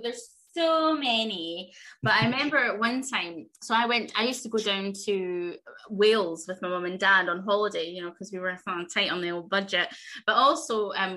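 Bright-voiced Scottish woman, chatty. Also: mid-range voice. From Scotland. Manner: chatty and animated, laughs often. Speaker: podcast co-host. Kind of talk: casual chat.

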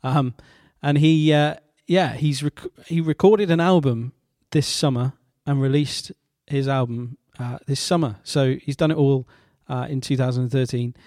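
Male host, casual and halting, dry close sound, mid-range voice. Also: mid-range voice, a little mellow, dry recording. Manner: halting, many fillers and restarts, wry asides. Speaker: radio show host. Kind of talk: casual show presenting.

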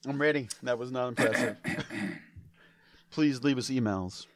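A man's voice: medium pitch, unhurried. A man co-hosting a comedy podcast, trading joking, self-deprecating banter while drinking beer. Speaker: podcast co-host. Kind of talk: casual comedic chat.

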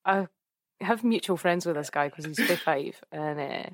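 A woman's voice: sits low, normal speed, no echo, clean studio sound. A young Scottish woman co-hosting a podcast, chatting casually, telling stories and laughing often. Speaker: podcast co-host. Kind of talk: casual chat.

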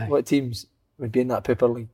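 A man's voice: mid-range voice, steady tone, normal speed, a little mellow, slightly rough, dry recording. A man, jokey and teasing in a casual football chat.

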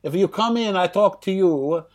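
A man's voice: animated, moderate pace, a little mellow. A man in his sixties doing an over-the-top Italian-accented impression of a brash older film mogul who talks in broken English. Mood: pushy, insistent. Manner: booming, broken-English phone voice.

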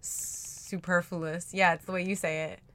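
A young woman co-hosting a podcast in casual chat, animated and full of "like"s as she acts out her own past remarks. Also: on the low side, unhurried. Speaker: podcast co-host.

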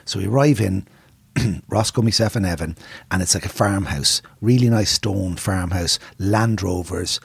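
Gravelly Irish man telling a rambling tale. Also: low voice, moderate pace, no room sound. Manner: rambling storyteller, teasing the listeners with hints. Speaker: podcast co-host. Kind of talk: casual chat, anecdote telling.

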